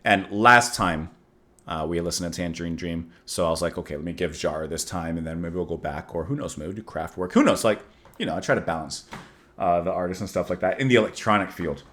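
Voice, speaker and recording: A man's voice: sits low, fairly quick, fairly bright tone. A man hosting a music reaction, talking casually in a rambling, musing way and chuckling at himself.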